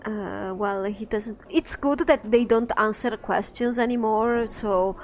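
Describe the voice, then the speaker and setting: A woman's voice: medium pitch, unhurried, a little mellow, a little hiss or hum. A woman playing through a game, reading its text aloud and adding chatty, giggly comments. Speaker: game streamer.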